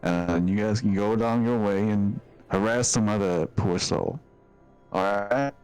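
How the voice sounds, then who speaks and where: A man voicing a defensive young man with no memory, talking gruff and streetwise in a tabletop game. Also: lowish voice, unhurried, darkish tone, soft background music, close to an everyday voice. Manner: gruff, streetwise, mildly profane. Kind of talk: tabletop role-play.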